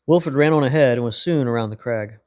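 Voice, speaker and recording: A man hosting a podcast, reading a children's storybook aloud in a calm, unhurried way. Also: medium pitch. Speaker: podcast host and reader.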